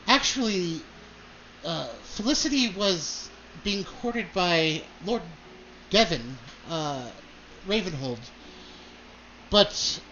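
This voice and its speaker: A man's voice: high-pitched, a bit bright, slight background noise, exaggerated voice. A man voicing Lady Dahlia, a haughty noble mother who gossips and complains about her ambitious daughter, on a dull lo-fi recording.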